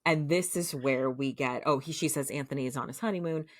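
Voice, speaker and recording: Brief: podcast co-host, woman, very low voice, casual meandering recap. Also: brisk, dry recording, clean studio sound. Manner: rambling recap full of "um" and "like". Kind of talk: casual chat.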